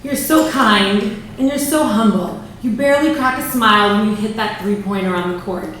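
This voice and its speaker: A woman's voice: medium pitch, moderate pace, far from the mic, slight background noise. Mother giving a speech in an echoey hall. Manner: warm, proud, reading from notes. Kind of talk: prepared family speech. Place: large banquet room.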